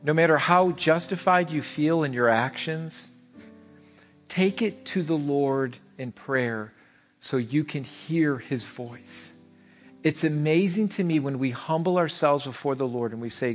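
A man's voice: on the high side, unhurried, big-room sound, faint music behind. A man preaching a sermon as pastor, earnest and repetitive, rising to pleading peaks. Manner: earnest, repeats words, swells to pleading peaks.

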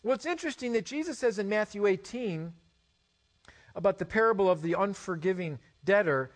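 A man in his forties preaching a sermon, animated, with rhetorical questions and stammered restarts. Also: high-pitched, fairly quick. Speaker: pastor.

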